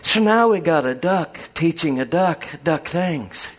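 A man preaching a folksy, animated sermon full of storytelling and chuckles. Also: a little high, unhurried.

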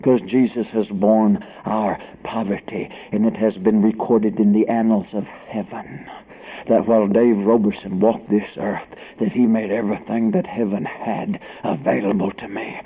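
Slow gravelly preacher on a tinny recording. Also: male voice, on the low side, level tone. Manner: dramatic, swings from hushed whispers to loud shouted climaxes; humorous, tells tall tales for laughs. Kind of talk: sermon storytelling. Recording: tinny phone-like band with faint noise.

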